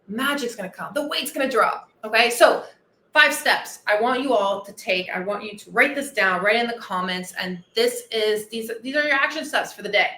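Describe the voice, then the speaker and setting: A woman's voice: fairly high pitch, normal speed, sharp tone, echoey room. A woman weight-loss coach hosting a motivational podcast monologue, enthusiastic and earnest, repeating her key phrases.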